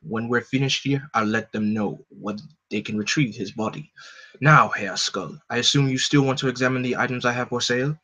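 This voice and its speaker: A man's voice: bright, forceful tone, lo-fi sound. A man reading a cold, scheming general. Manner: measured, lowered reading voice. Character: scheming older male general, cold and calculating. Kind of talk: comic book live read.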